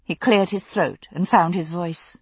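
A woman narrates a novel in a measured, steady way. Her voice sits low and sounds husky. The recording is dry and close to the mic. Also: dry recording. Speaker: audiobook narrator. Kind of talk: scripted narration.

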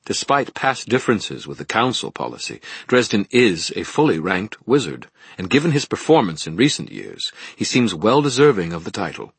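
A composed senior witch, voiced by a man reading aloud. She argues in an earnest, measured way, the voice husky and dry. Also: on the low side, wildly swooping pitch, no room sound, voice pushed up, heavily acted. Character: composed female senior wizard, reasonable.

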